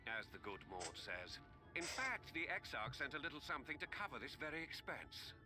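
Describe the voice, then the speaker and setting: A man with a British accent playing a polite, formal guide in a video game, speaking in a measured way. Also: fairly high pitch, big pitch swings, music in the background.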